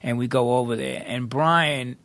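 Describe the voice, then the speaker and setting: A man, a podcast guest, telling a profane, street-tough story quickly in a podcast studio. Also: mid-range voice, fairly bright tone, dry recording. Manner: rapid street-tough anecdote, heavy swearing.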